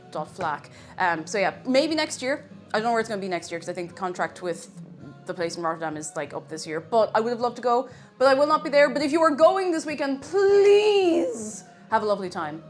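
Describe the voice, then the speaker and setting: A woman chatting bubbly and excitably on a livestream while cooking, now and then breaking into shouted cheers. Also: medium pitch. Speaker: streamer.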